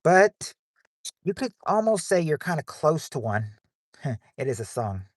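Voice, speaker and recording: A man's voice: on the high side, very animated, a little slow, no room sound, studio quality. Rambling man hosting a livestream game night. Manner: rambling, reads out viewers' names and answers. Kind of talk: casual livestream chat. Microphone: phone.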